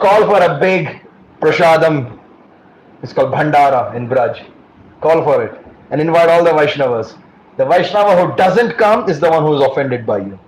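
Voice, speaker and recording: A man giving a devotional class, telling stories with lively acted-out voices. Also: mid-range voice. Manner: animated storytelling, acting out quoted voices. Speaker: class speaker. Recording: echoey room with faint noise.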